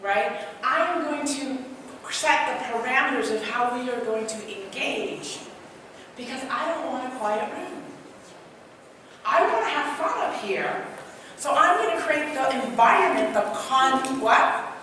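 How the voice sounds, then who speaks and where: A woman from Trinidad giving an interactive workshop talk, animated and quizzing her audience. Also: sits high, a little slow. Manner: animated, asks the audience many questions. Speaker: speaker and trainer. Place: large hall. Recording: echoey hall from far off, noisy.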